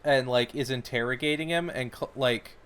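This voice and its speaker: Co-hosting an audio-only podcast, a man casually recaps a movie's plot, rambling through scene after scene and leaning heavily on "like" and other filler words. His voice is medium-pitched, slightly bright, and moves at a normal speed.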